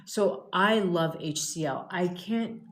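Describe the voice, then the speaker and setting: A woman's voice: on the low side, slow pace. A woman hosting a casual wellness livestream from her home kitchen. She chats with viewers and calls them "my love". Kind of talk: casual live chat with viewers. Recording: echoey room with loud background noise.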